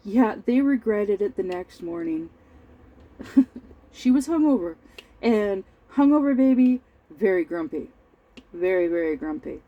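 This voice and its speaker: A middle-aged woman rambles through a family story at an unhurried, slow pace, often stopping to clear her throat or fill a gap. Her voice is mellow and soft-edged. She sounds over-tired. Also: mid-range voice, expressive, dull audio. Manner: rambling, halting, with frequent throat-clearing and fillers. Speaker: crafting vlogger. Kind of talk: casual storytelling while crafting.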